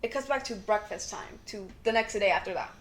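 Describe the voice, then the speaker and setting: A young adult woman co-hosting a podcast, casually recapping a TV drama in a rambling, animated way full of "like" fillers. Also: medium pitch, fairly quick. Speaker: podcast co-host.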